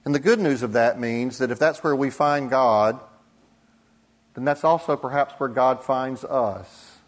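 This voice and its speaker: Deliberate male pastor preaching. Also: medium pitch. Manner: deliberate, with dramatic pauses and soft drops for emphasis. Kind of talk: sermon.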